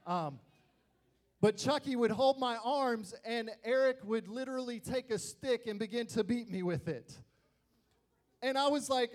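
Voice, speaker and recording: A young man preaching to youth, telling personal family stories in an animated way and acting out the voices of people he quotes. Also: extremely high pitch, a little slow. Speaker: youth pastor.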